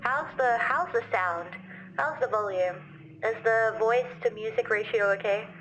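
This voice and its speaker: Bright-voiced Australian woman streamer. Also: on the high side, measured pace, muffled recording, a little hiss or hum. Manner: chatty, rambling, often restarts sentences. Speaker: VTuber streamer. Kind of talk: casual livestream chat.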